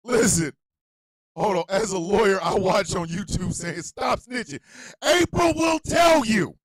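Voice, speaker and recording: A man hosting a comedic live internet radio show, ranting loudly and bluntly in crude slang to his listeners, often shouting. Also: sits high, unhurried, no room sound, poor audio. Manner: loud, animated, often shouting and laughing.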